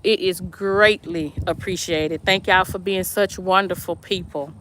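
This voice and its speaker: A woman's voice: lowish voice, fairly even intonation, a little slow, fairly bright tone, a little hiss or hum. A middle-aged woman, chatting casually on a live stream from her yard and reading viewer comments aloud between laughs. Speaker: vlog host. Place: outdoors in a yard.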